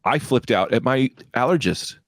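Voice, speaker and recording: Animated young man telling comedy stories. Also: mid-range voice, moderate pace, no room sound. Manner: animated storyteller, acts out quoted people. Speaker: podcast co-host. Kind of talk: casual chat.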